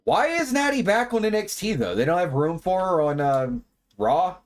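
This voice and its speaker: A man talks through a wrestling broadcast in a loose, offhand way, cracking wry remarks and dropping the odd swear. His voice sits a little high and moves around a lot, rising and falling with animated energy. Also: moderate pace. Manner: chatty, wry, swears casually. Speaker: watch party host. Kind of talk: casual live commentary on a wrestling broadcast.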